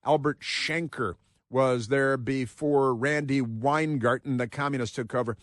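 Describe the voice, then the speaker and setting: A radio talk show host delivers an opinionated monologue that is combative and sarcastic, full of mocking asides. His voice is medium-pitched with fairly even intonation and an unhurried pace, and the recording sounds dry.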